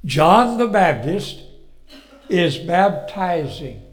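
A man preaching a folksy Bible sermon, telling the story with rhetorical questions and chuckles, and swelling loud on key phrases. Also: high-pitched, sing-song, very slow, soft background music.

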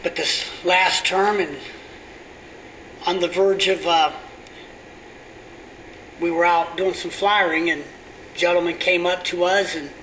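A middle-aged pastor telling a story in a sermon, often sinking to a hushed near-whisper. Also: male voice, high voice, takes it slowly, long pauses. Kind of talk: sermon testimony. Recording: distant mic with steady air conditioning hum.

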